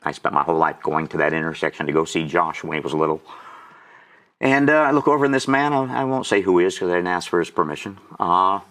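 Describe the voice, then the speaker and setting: Deep-voiced man in his sixties, choked up. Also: expressive, quick pace, a bit bright. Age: 60s. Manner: emotional, gets choked up telling his story. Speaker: guest auctioneer. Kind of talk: personal testimony storytelling.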